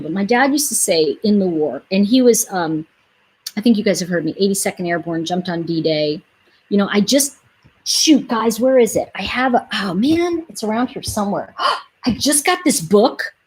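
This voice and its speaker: A middle-aged woman hosting a casual livestream, rambling through animated stories and talking straight to her viewers. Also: mid-range voice, normal speed. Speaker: host.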